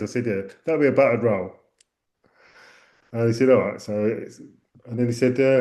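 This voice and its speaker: A middle-aged man from the Essex and London area talks in a relaxed, mellow voice of ordinary pitch. He tells his stories with a dry, wry edge during a casual podcast chat. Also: brisk, long pauses. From Essex or London, England. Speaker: podcast co-host.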